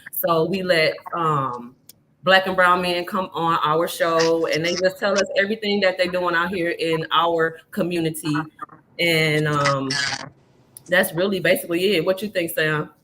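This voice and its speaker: A woman's voice: fairly low pitch, steady tone, a little slow, bright, forceful tone, slight background noise. A woman guest on a live video-call podcast, speaking in a cheerful, affirming way. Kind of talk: casual podcast chat.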